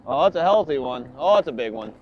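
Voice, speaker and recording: A man commercial fishing on a boat, live-streaming to his chat and swinging from hyped shouts to low muttering. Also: lively intonation, quick pace, highs cut off, a little hiss or hum.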